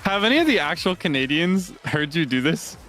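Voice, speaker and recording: A male streamer chatting casually during a game stream, giggly and quick to burst into laughing fits. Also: very animated, fairly bright tone. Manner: giggly, breaks into frequent high laughing fits. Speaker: streamer host.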